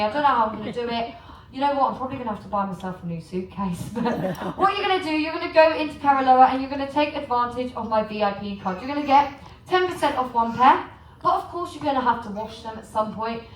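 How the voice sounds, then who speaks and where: A woman's voice: sits high, reverberant, far from the mic, slight background noise, low-quality recording. An English woman giving a joking, chatty sales talk about shopping to a live audience, often asking the crowd questions. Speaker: cruise port shopping presenter. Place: large room on a cruise ship.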